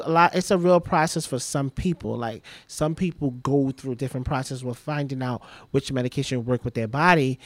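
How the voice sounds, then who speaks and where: A man's voice: medium pitch, no echo. A young man telling a personal story as a podcast guest, rambling and repeating himself, leaning on "like" all the time. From Trinidad.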